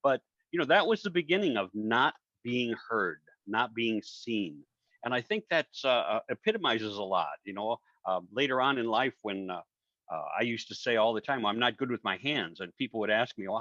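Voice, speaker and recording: A man's voice: mid-range voice, big pitch swings, normal speed, sharp tone, dry recording. An older man, a professional speaker, answering interview questions with conversational stories and acted-out dialogue. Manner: conversational, acts out quoted dialogue, many fillers. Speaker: guest speaker. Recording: dull dry audio.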